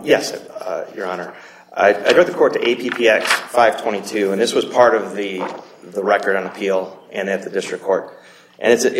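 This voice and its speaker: A man, an attorney, arguing an appeal before judges in measured, hedged legal phrasing with frequent restarts. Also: fairly low pitch, slight background noise. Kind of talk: courtroom oral argument. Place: courtroom. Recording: roomy courtroom echo.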